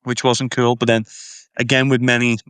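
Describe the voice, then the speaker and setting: Liverpool tour guide, Scouse accent, clean and crisp, close and dry, eager and chatty. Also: male voice, medium pitch, flat delivery, normal speed, a bit bright, no room sound. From Liverpool, England. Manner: enthusiastic, repeats words while explaining. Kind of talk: casual interview storytelling.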